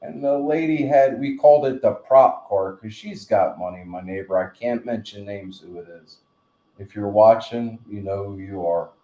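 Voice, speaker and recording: Mellow-voiced New man, rambling. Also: fairly low pitch, normal speed. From New Jersey. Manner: rambling, joking storyteller. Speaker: live stream host. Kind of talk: casual live stream chat. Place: home room, in bed. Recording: roomy echo.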